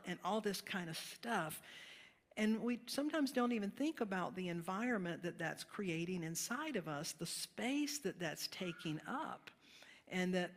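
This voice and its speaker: A woman pastor giving a sermon in a conversational, storytelling manner, laughing now and then with her congregation. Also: fairly low pitch. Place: church sanctuary. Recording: reverberant sanctuary hall.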